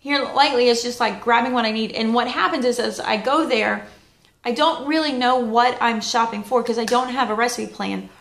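A woman giving casual, chatty wellness advice as a vlogger, folksy and lively with plenty of asides. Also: on the high side, moderate pace, vocal fry, reverberant. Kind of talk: casual motivational talk.

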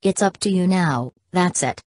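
A woman voicing a cold, boastful young male villain in an audiobook, reading in a flat, literal way. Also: on the low side, measured pace, dry recording, natural voice. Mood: cold, taunting. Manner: reads punctuation marks aloud.

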